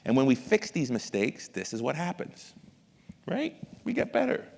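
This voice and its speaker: A middle-aged man presenting at an education masterclass, who addresses the audience directly and acts out examples in a lively lecture. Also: mid-range voice, moderate pace, gravelly. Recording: long hall reverb.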